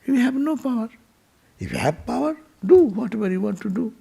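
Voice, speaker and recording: A man, a monk, giving a temple sermon, telling stories gently and asking his listeners rhetorical questions. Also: extremely high pitch, big pitch swings, brisk, vocal fry, breathy edge. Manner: gentle storytelling, rhetorical questions, speaks softly.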